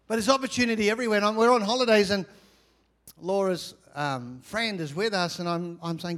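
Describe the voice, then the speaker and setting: A man with an Australian accent, a pastor preaching a lively, humorous sermon with frequent asides to the congregation. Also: high-pitched, fairly quick.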